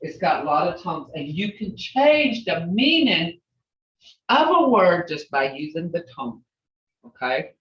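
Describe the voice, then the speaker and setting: A woman's voice: lowish voice, very animated, a little slow, slight background noise. A woman teaching a language class over a video call, patiently repeating each word and drilling it. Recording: roomy, distant, dull video call audio.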